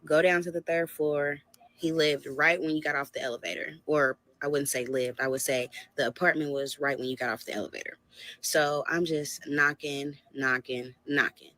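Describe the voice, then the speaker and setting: A woman casually telling a dating story in an animated, conversational way. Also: low voice, moderate pace, no echo.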